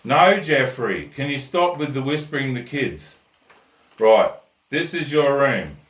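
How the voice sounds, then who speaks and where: A man's voice: mid-range voice, lively intonation, unhurried, fairly bright tone. A man voicing Satan as a stern, impatient male devil with a curt, exasperated manner. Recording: roomy echo, mic at a distance.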